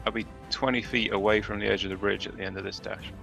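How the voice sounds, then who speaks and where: A man's voice: on the low side, level tone, quick pace, vocal fry, sharp tone, faint music behind. A man playing in a tabletop game, stating his moves in a matter-of-fact way. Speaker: player.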